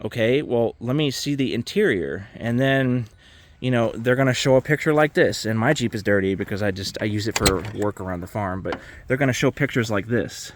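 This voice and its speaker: A man's voice: medium pitch, a little fast, a little hiss or hum. A man ranting casually to camera, exasperated and swearing freely about private car sellers. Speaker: vlogger.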